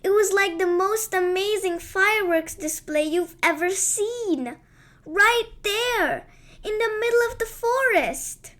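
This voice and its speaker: High-voiced woman reading a kids bedtime story real slow, gentle and lilting. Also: lively intonation.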